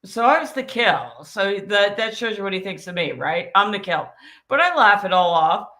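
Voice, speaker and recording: A woman's voice: mid-range voice, normal speed. A woman co-hosting a casual podcast, ranting bluntly and swearing freely. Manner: blunt, profane, animated ranting. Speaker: co-host.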